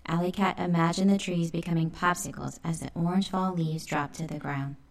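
A woman narrating a children's storybook in a lively, expressive way. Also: lowish voice, brisk, vocal fry.

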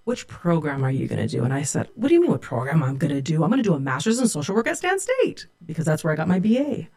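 A woman, a sociology professor, telling an earnest, reflective story as a radio guest. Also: low-pitched. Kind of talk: storytelling interview.

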